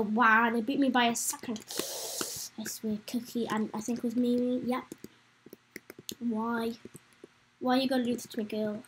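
Young woman, high voice, chatty let's-play commentator, excitable. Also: slight background noise, rough recording. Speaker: gameplay commentator.

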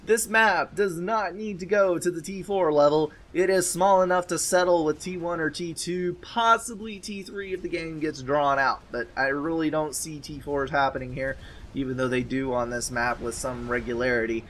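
A man casting a real-time strategy match, giving calm running commentary with dry, wry asides. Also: a little high, normal speed. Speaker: game caster. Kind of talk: game commentary.

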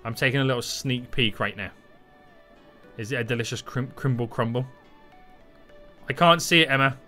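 A man giving playful, excitable live gameplay commentary and chatting with his viewers. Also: medium pitch, moderate pace, soft background music. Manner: excitable and playful, hums and exclaims. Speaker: gaming streamer.

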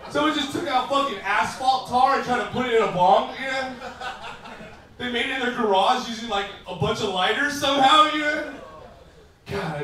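Profane young-sounding man doing crowd work. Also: high voice. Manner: profane, rambling, laughs often mid-sentence. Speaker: stand-up comedian. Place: comedy club stage. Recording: far-off roomy club recording with crowd. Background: audience laughter.

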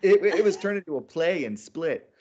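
A middle-aged American man, an author and comedian, chatting in an interview and telling animated stories with many fillers and restarts. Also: a little high, normal speed, breathy edge, dull audio. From United States. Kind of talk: casual interview chat.

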